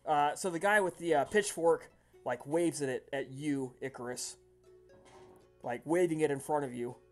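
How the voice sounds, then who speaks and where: A man narrating as game master of a tabletop role-playing game, shouting out villagers' lines now and then. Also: on the high side, moderate pace, soft background music. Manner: relaxed, breaks into loud shouted voices for villagers.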